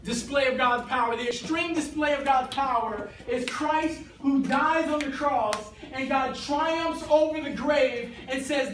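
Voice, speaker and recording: A man teaching a youth Bible class in a church classroom, telling the story in an animated, slangy way. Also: extremely high pitch, a little slow, hardly any pauses. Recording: echoey hall, distant mic, faint hiss.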